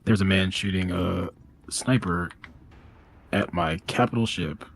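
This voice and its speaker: Low-voiced man thinking aloud while gaming. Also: unhurried. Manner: rambling, thinks aloud with many fillers. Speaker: let's play co-player. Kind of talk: casual gaming chat.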